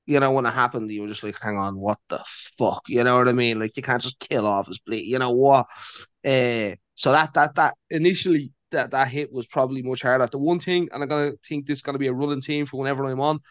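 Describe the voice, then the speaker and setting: A man's voice: mid-range voice, steady tone, fast, dry recording. A man who is a guest on a podcast, talking in a blunt, casual way and swearing freely.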